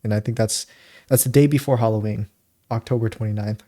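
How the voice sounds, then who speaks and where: A man's voice: lowish voice, fairly even intonation, fairly quick, warm tone. A man co-hosting a podcast, telling a story in rambling casual chat, often stopping to act out what people said. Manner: rambling, laughs often, acts out quotes. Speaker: podcast co-host.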